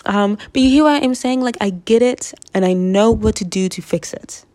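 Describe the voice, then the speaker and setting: A woman's voice: mid-range voice, normal speed, darkish tone. A woman from the United States talking casually to camera, rambling through her thoughts with frequent laughs and asides. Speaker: vlogger.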